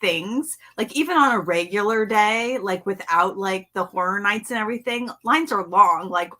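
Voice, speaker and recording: A woman's voice: mid-range voice, normal speed, sharp tone. A woman in a casual livestream chat, reacting to a story and chiming in with her own comments.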